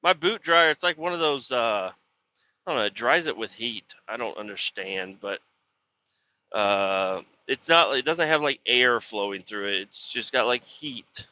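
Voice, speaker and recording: Bright-voiced grumbling man, rambling. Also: medium pitch, measured pace. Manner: profane, grumbling and frustrated, with many fillers. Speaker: truck driver hauling water; podcast host. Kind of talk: casual rambling monologue. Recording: dull lo-fi sound.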